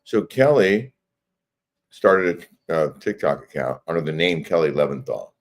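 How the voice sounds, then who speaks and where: A man's voice: a bass voice, lively intonation, normal speed. A man co-hosting a casual live stream, telling a story with wry humor. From United States. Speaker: co-host.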